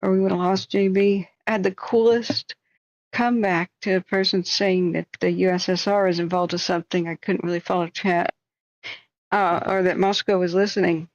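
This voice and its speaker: Low-voiced woman chatting on a headset. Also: level tone, normal speed, no echo, dull audio. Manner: rambling, joking, sighing asides. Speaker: livestream host. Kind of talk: casual livestream chat.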